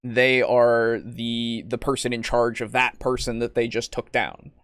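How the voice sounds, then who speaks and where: A man's voice: medium pitch, flat delivery, unhurried, a bit bright, smooth, dry recording. A man co-hosting a podcast, chatting casually about tabletop games, rambling with many fillers, swearing and laughing often. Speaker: podcast co-host.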